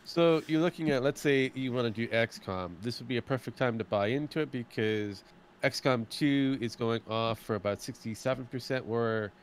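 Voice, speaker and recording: Guy on a game podcast, mid-pitch voice, rambles and repeats himself, faint hiss. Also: moderate pace. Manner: rambling, repeats words while thinking. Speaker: podcast co-host. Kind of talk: casual gaming podcast chat.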